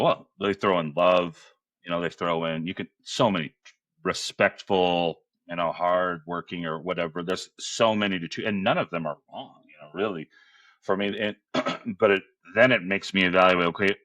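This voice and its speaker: A man's voice: low voice, bright, forceful tone, no room sound. A man talking as a podcast guest who leads men's groups, earnest and loose, full of "you know" fillers. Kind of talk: casual interview chat.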